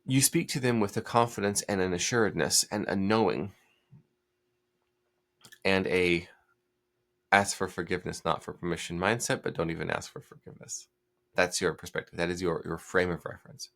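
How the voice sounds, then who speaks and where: A low, gravelly male voice, delivering a commanding solo commentary. He talks bluntly and directively. His fry-laden tone gives his orders a rough edge. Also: steady tone, moderate pace, pauses often, a bit bright. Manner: blunt, commanding, mocks hesitant speech with put-on hedging. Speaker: host.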